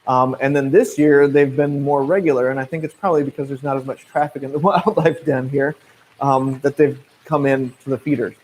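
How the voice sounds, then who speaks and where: A man in his thirties with a Midwestern US accent talks through viewer questions as a naturalist guide. His pitch is ordinary for a man, and his delivery is relaxed and conversational, with plenty of fillers and restarts. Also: brisk, rough recording. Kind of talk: casual livestream Q&A.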